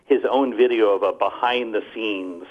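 A man's voice: lowish voice, moderate pace, phone-quality sound. A man co-hosting a casual comedy chat, telling stories with mocking impressions of people. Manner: animated, mocking impressions in storytelling. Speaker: comedian podcast co-host.

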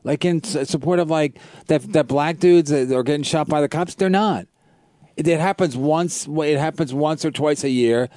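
A man hosting a casual radio chat, talking loudly in a rambling, provocative way with many restarts. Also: fairly high pitch, moderate pace, dry recording. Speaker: host.

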